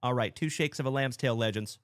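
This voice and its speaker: Brief: man, 30s, upbeat livestream card-break host, mid-pitched, dry close-mic sound, chatty and excited. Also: brisk, dry recording. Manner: excited, chatty, shouting out viewers. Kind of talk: casual livestream chat.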